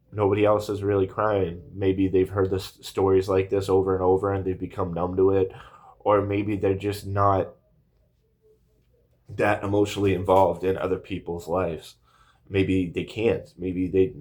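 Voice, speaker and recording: A man's voice: sits low, a little mellow. A man in his thirties telling a personal story to camera in a rambling, earnest way, full of fillers and restarts, a little emotional. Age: 30s. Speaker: vlogger.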